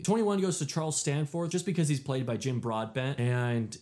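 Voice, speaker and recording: A man's voice: on the high side, fairly quick, few pauses, darkish tone. A young man hosting a casual ranking video, offhand and self-deprecating, often trailing off at the end of a thought. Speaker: movie ranking host. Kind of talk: casual list commentary.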